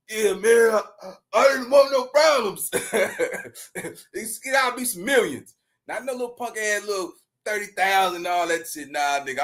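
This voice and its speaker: A man giving blunt, profane reaction commentary as a streamer, ranting casually to his viewers. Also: sits high.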